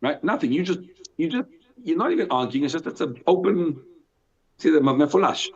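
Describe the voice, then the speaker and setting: A man, a rabbi, teaching a live Torah class in an animated way, asking and answering his own questions and reading Hebrew text aloud. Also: a little high, fairly quick, husky. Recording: dull lo-fi sound.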